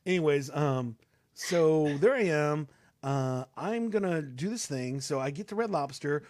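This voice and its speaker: A man's voice: a little high, expressive, measured pace, a little mellow, dry recording, studio quality. A young man telling a long story on a talk show, casual and rambling, with many fillers and restarts. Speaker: co-host.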